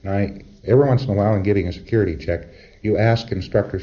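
A man's voice: fairly low pitch, fast, highs cut off. A man giving a conversational, wry lecture to trainees, acting out short exchanges as he goes.

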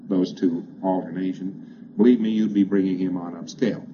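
A man's voice: on the low side, normal speed. Man lecturing, fading repeated phrases. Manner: repeats phrases, trailing off quieter each time; emphatic, plainspoken, conversational. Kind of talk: lecture to a congress audience. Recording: dull, hissy old lecture recording.

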